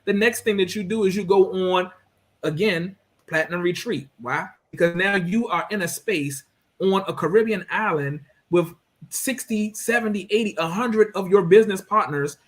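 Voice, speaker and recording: Emphatic man with a fairly high voice. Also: moderate pace. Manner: emphatic, preachy, rhetorical questions. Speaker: co-host. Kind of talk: business panel discussion.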